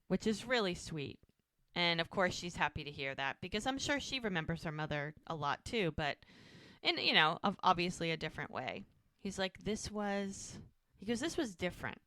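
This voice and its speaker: A woman's voice: fairly low pitch, animated, normal speed, sharp tone, dry recording. A woman co-hosting a podcast, casually retelling a TV episode scene by scene and quoting the characters. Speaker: podcast co-host recapping a TV episode. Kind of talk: casual recap chat.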